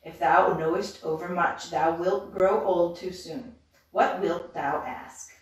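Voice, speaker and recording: A woman reading a storybook aloud, voicing a fierce, snappish old witch in slow, archaic speech, recorded from a distance in a roomy space. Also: on the low side, steady tone. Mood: menacing.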